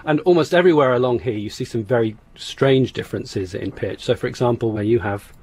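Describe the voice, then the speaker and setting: A man's voice: mid-range voice, a little fast, a little mellow, slightly rough. A man, a phonetics expert, explaining in an interview, hesitant with restarts and easy laughs.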